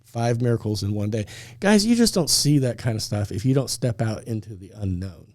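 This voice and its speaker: Animated storytelling man, mellow voice. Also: fairly low pitch, brisk, no room sound, clean studio sound. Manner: animated storyteller, acts out dialogue, laughs often. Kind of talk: storytelling on a faith talk show.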